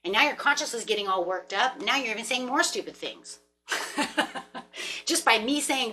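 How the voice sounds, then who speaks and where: A woman doing a collective tarot reading, talking in a casual, rambling way and breaking into animated asides. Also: on the high side, moderate pace, a little hiss or hum. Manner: rambling, animated, talks to herself with laughs and mock voices. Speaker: tarot reader. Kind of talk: casual spiritual talk to camera.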